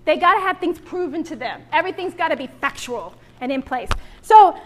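A woman's voice: sits high, brisk, slight background noise. A woman preaching to a women's church gathering, joking and acting out little voices as she goes. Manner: animated, jokey, acts out voices. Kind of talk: sermon.

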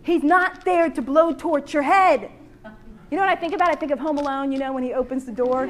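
A woman's voice: high voice, brisk. A woman preaching to a women's church gathering, joking and acting out little voices as she goes. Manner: animated, jokey, acts out voices. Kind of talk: sermon.

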